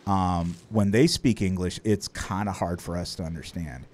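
A man with a Midwestern American accent hosting a casual livestream chat, relaxed and curious, with plenty of fillers. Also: deep voice, normal speed. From United States. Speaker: streamer.

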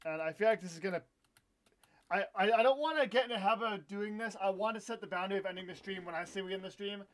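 An excitable young man talks his way through a live game stream, swearing freely and flaring up into loud frustration. His voice sits high for a man. His talk is loose and quick to react. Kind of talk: live gameplay stream commentary.

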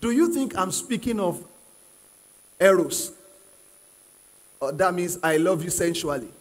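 A man's voice: high voice, expressive, a little slow. A male pastor preaching a sermon to a live congregation, emphatic and repeating key phrases, often asking the crowd to answer. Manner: asks the congregation questions and prods them to answer. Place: church hall with live congregation. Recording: long reverb of a large hall.

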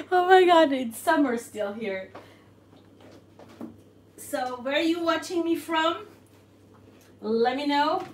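A woman's voice: high-pitched, expressive, slow pace, pauses often, roomy sound, slight background noise. A woman hosting a live cooking stream from her home kitchen, bubbly and greeting viewers as she cooks. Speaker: cooking channel host. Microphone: phone.

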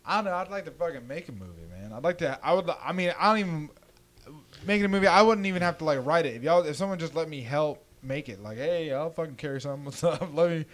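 Give me a fast-talking man teasing his friend on a podcast. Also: fairly high pitch, lively intonation. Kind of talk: casual podcast chat.

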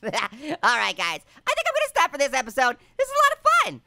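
A man's voice: extremely high pitch, wildly swooping pitch, fairly quick, vocal fry, sharp tone, dry recording, clean studio sound, full character voice. A man voicing a wisecracking male talking orange who hosts cartoon game commentary, punning and giggling with constant exclamations. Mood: gleeful. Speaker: gaming channel host. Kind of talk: cartoon let's-play commentary in character.

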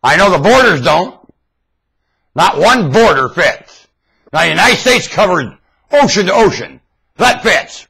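A man with a husky voice, rambling aloud to his viewers in a webcam monologue. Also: a little high, pushed and bright, low-quality recording. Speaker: vlogger.

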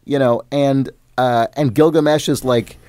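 A man's voice: mid-range voice, fairly even intonation, unhurried, a little mellow, no echo, studio quality. Man telling a rambling, sweary game story. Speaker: podcast host. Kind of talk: casual chat.

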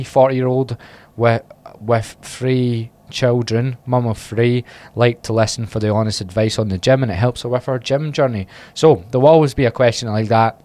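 Lowish-voiced Scottish man, candid podcast host. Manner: candid, self-mocking and rambling. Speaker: podcast host and fitness coach. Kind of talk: casual solo podcast chat.

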